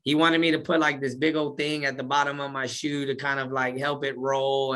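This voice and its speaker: Fairly quick and barely pausing, a medium-pitched man narrates his life in a casual interview. He uses plenty of slang, keeps things animated, and acts out what he said in those days.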